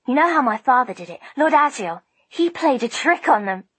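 A woman's voice: high voice, sing-song, normal speed, fairly bright tone, slightly rough, heavily acted. A woman voicing a bold, curious young girl who chatters eagerly in an audiobook. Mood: chatty. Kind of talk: audiobook character voice.

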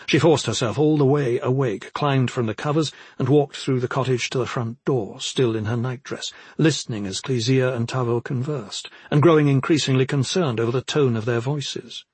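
A man narrating an audiobook in a steady, even way, his mid-range voice slightly husky. The sound is dry and close, with no room echo. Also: medium pitch, normal speed, few pauses.

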